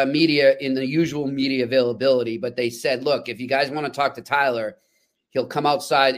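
A man co-hosting a sports podcast, telling stories in an animated, emphatic way. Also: mid-range voice. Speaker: podcast co-host. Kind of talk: casual sports chat.

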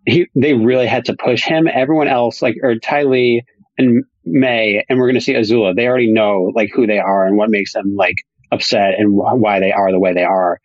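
A man's voice: fairly low pitch, fairly even intonation, brisk, no room sound, muffled recording. A man co-hosting a podcast, rambling casually and hedging often. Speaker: podcast co-host. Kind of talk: casual chat.

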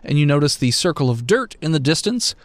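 A man narrating a tabletop game as its game master, his voice a touch high and swinging up and down as he goes. He is blunt and joking and keeps breaking into laughs. The sound is dry and close. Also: sing-song, brisk, no room sound.

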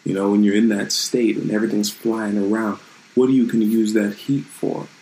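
A man's voice: fairly low pitch, level tone, brisk, dark tone, a little hiss or hum, low-quality recording. A man hosting his own channel, talking in a loose, rambling and reflective way in a casual live-streamed vlog from his room at home.

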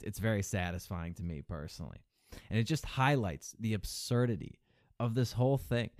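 A man rants profanely and sneeringly about politics on his podcast, mocking opponents by parroting them in a higher pitch. His darkish voice comes through in clean studio sound without any room ambience.

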